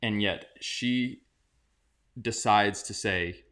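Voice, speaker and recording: A man's voice: on the low side, moderate pace, fairly bright tone. A man co-hosting a casual talk show, commenting in a heated, sarcastic way that rises when he gets worked up. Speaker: podcast co-host.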